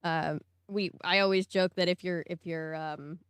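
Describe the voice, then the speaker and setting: A woman's voice: lowish voice, steady tone, a little slow, fairly bright tone, smooth, no room sound, clean studio sound. A woman hosting a livestream, chatting casually and joking with her guest. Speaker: stream host.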